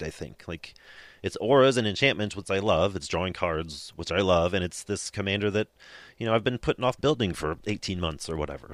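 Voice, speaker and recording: A man's voice: deep voice, fairly bright tone, dry recording. A man hosting a casual podcast, rambling in a laid-back way with lots of fillers. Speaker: podcast host. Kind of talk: casual chat.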